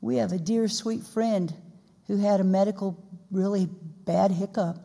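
A woman's voice: mid-range voice, fairly even intonation, measured pace, vocal fry, mellow. A woman pastor preaching a sermon in a folksy, conversational way with playful asides. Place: church sanctuary. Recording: long reverb in a church hall.

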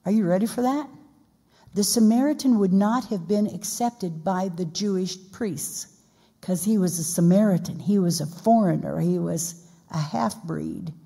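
Woman pastor, folksy sermon, gravelly, husky, long church reverb. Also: mid-range voice, unhurried, warm tone. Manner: folksy, conversational, playful asides. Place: church sanctuary.

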